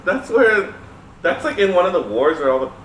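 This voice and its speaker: This home mukbang co-host has a fairly high, animated voice and speaks fast. While eating at his dinner table he chats casually, giggles and rambles on with lots of "like," and the echoey recording picks up background noise.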